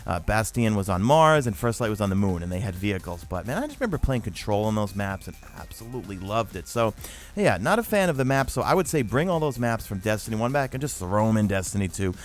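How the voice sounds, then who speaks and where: A man's voice: fairly low pitch, faint music behind. A man from New York with a toned-down New York accent, hosting a casual gaming Q&A chat with lots of fillers. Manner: animated, fast-talking with many fillers. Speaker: YouTube gaming host.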